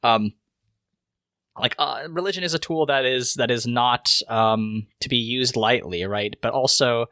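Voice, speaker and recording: A man co-hosting a casual podcast, talking in halting bursts full of fillers and restarts while eating spicy wings. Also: mid-range voice, pushed and bright, no echo, studio quality. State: reacting to spicy heat. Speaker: podcast co-host.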